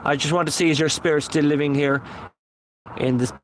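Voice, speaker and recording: A man with a fairly high voice sits outdoors at night as a paranormal investigator, calling out to spirits in earnest, repetitive pleas. Clear traffic and urban noise hum behind him throughout the recording. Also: fairly even intonation, a little fast, poor audio. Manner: repetitive, earnest pleading calls. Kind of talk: solo ghost-hunting vlog, calling out to spirits. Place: outdoors at night, seated on a memorial bench.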